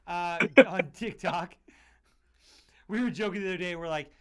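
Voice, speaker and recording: A man's voice: high voice, normal speed, pauses often, clear, resonant tone. A man from Utah hosting a podcast, chatting casually in an upbeat, joking way, full of "man" and "dude". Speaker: podcast host.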